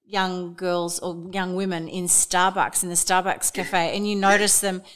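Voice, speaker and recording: A woman's voice: fairly low pitch, level tone, measured pace, clear, resonant tone. Enthusiastic woman hosting a podcast. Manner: warmly enthusiastic, retells guest's anecdotes. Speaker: podcast host. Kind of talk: casual interview.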